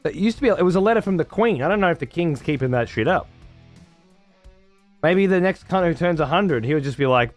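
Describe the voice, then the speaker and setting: His pitch sits fairly high and his intonation is lively as he talks briskly over soft background music. The man hosts a stream from his home room, chatting with viewers through profane, sarcastic banter.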